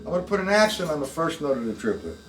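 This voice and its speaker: Racing along with big pitch swings in a highish voice, the older drum instructor runs a live lesson beside his kit. Casually chatting, he names viewers and counts beats aloud; the recording is distant and echoey, with music.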